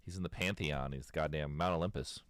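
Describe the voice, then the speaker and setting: Low-voiced man rambling on a livestream. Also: quick pace, dry recording, clean studio sound. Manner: rambling storytelling with laughs. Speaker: streamer. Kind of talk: casual livestream chat.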